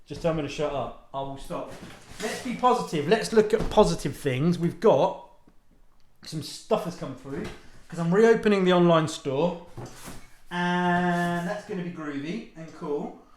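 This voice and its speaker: A man's voice: a little high, lively intonation, a little slow, a little hiss or hum. A man, hosting his own podcast, rambling and ranting in a self-mocking way and swearing freely. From United Kingdom. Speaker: podcast host and author. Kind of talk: casual ranting monologue. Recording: echoey room.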